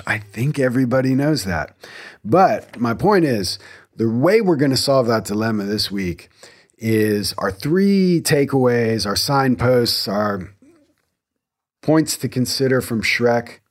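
A man's voice: medium pitch, lively intonation, measured pace. A man in his thirties hosting a casual solo podcast from a home garage, enthusiastic and rambling, often restarting his sentences. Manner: enthusiastic, rambling, self-correcting. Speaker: podcast host.

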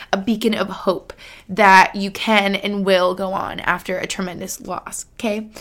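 Chatty woman with vocal fry. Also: medium pitch, a bit bright. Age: late 20s. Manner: chatty, heavy use of "like", laughs often, emotional. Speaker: podcast host. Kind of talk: casual solo podcast chat.

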